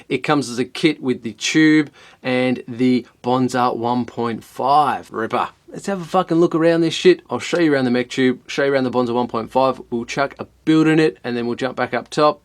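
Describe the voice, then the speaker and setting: A man with a broad Australian accent hosting a casual product review, swearing constantly and laying on heavy slang. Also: medium pitch. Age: adult with children. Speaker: host of a vape hardware review show.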